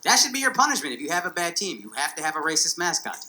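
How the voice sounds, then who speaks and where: A man's voice: on the high side, big pitch swings, rapid-fire. A man from the United States doing a stand-up comedy set, brash and profane, with mocking punchlines to a laughing club audience. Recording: loud noisy stand-up special audio.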